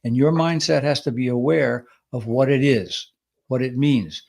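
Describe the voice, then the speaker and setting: A man in mid-range pitch talks through ideas in a steady, explanatory way. He punctuates his points by acting out short quotes with sudden lift and energy. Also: normal speed, vocal fry. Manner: explanatory, lively acted quotes. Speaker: podcast co-host. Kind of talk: conversational advice talk.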